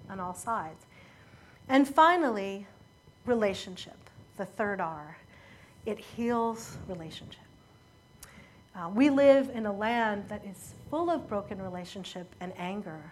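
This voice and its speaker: A woman preaching a sermon, telling a story in an earnest, measured way that often falls quiet at emotional moments. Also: medium pitch, expressive, slight background noise.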